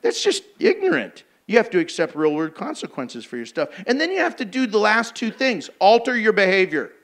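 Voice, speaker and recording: A man's voice: high voice, very animated, brisk, fairly bright tone. A man preaching a sermon in a blunt, emphatic, exhorting way.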